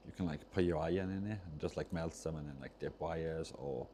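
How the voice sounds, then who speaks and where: A man's voice: extremely low pitch, brisk, mellow, a little hiss or hum. A man casually chatting on a livestream while he solders, rambling and often losing his train of thought. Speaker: streamer repairing controllers.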